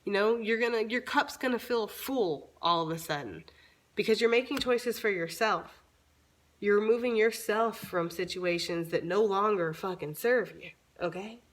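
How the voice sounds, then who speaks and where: A woman doing a casual tarot reading for her viewers, chatty and informal, swearing freely, her voice a little raspy from long talking. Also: mid-range voice, normal speed. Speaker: tarot reader.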